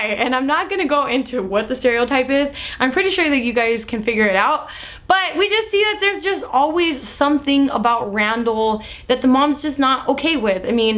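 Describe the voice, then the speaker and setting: A young adult woman vlogger chatting casually as she recaps a TV episode, animated and full of "like" fillers. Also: high voice. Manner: animated, lots of "like" fillers, acts out quotes.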